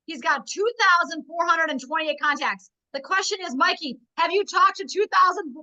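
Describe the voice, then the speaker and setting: A woman's voice: very high voice, normal speed, pushed and bright. A woman hosting a team video call, laughing along and retelling a story with acted quotes. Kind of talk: casual chat on a video call. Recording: dull, lo-fi video call audio.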